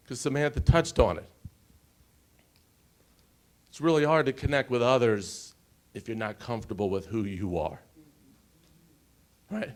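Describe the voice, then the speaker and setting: Slow-spoken man in his forties. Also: mid-range voice. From United States. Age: 40s. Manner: emotional, pausing, checks in with the audience. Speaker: conference panel speaker. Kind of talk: personal storytelling talk. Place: conference stage.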